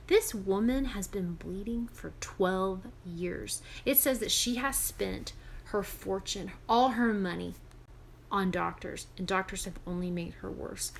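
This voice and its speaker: A female Bible teacher shares a scripture story with other women. She speaks in an animated, emphatic, conversational way. Her mid-range voice has a gravelly texture. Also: mid-range voice, a little hiss or hum.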